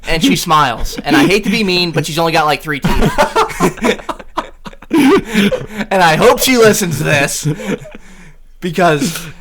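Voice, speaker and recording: A man's voice: high-pitched, lively intonation, slow pace, long pauses, crowd noise. A young man telling an exasperated story on a casual podcast with friends. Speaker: podcast co-host.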